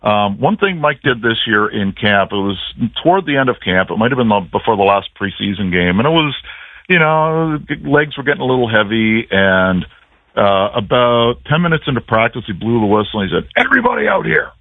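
A man, a sports broadcaster calling in as a guest on a radio show, telling stories in a chatty, animated, self-mocking way. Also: fairly low pitch, a little fast, dry recording. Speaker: play-by-play broadcaster, phone guest. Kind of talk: casual radio interview. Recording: tinny phone line.

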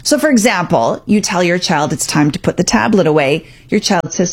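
A woman's voice: fairly low pitch, lively intonation, normal speed, slightly rough. A woman hosting a radio talk segment as a parenting coach, speaking directly and emphatically. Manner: direct, emphatic, acts out parent and child quotes.

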